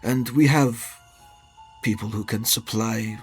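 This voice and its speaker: A man voicing a calm old leader of freed prisoners, speaking slowly in a put-on accent. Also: fairly low pitch, faint music behind. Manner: slow, measured speech in a put-on accent.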